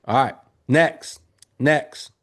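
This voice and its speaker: A man coaching viewers in casual livestream talk, animated and calling to the chat. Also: mid-range voice, drawn-out words. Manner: animated, talks straight to the chat with lots of y'all. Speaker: Airbnb business coach. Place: home office.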